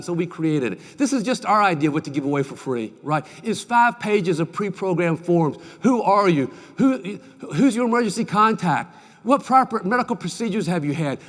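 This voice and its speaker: High-voiced folksy man in a big hall. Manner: folksy, animated storyteller, asks the audience questions. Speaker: keynote speaker. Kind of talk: motivational keynote speech. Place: large conference hall. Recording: distant mic with long hall reverb.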